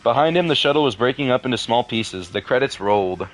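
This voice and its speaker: Male video host, mid-range voice, deadpan reader who cuts in with dry, sweary remarks. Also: medium pitch, fast. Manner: deadpan asides, swears in frustration. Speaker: video creator reading a horror story. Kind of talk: casual reading with commentary.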